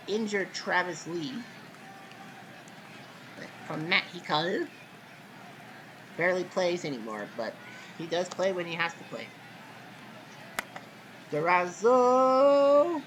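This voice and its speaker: A man hosting casual play-by-play commentary of a simulated baseball game, relaxed and chatty, with sudden loud calls on big plays. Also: on the high side, unhurried, pauses often, background noise.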